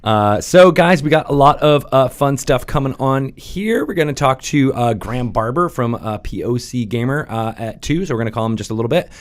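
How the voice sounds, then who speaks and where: A man's voice: medium pitch, animated. Young male podcast host, casual and rambling, easy laugh, lots of fillers. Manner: chatty, rambling, full of fillers and quick laughs. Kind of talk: casual studio chat.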